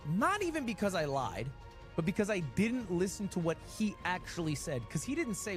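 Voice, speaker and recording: Male streamer, late 20s, slightly high and very lively storyteller, wry. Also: normal speed, faint music behind. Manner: animated, wry storytelling with swings in pitch. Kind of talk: casual storytelling.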